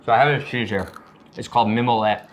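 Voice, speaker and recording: A man's voice: mid-range voice, fairly even intonation, quick pace, slight background noise, poor audio. A chatty, jokey man hosting a casual cooking demonstration in a home kitchen. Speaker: chef host. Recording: loud sizzling pan behind voice. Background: frying and sizzling.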